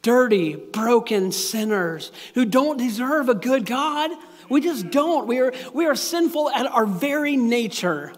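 A man preaching a sermon as a pastor, earnest and animated, often repeating himself. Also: very high-pitched, measured pace. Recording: long hall reverb.

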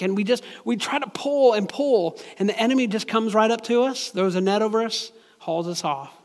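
High-voiced man preaching in a big hall. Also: normal speed, hardly any pauses. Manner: conversational, plain-spoken preaching with frequent restarts. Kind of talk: sermon.

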